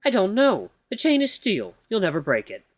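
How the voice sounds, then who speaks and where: A man voicing a calm, matter-of-fact AI companion that gives measured instructions. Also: sits high, no room sound, voice pushed up, exaggerated voice.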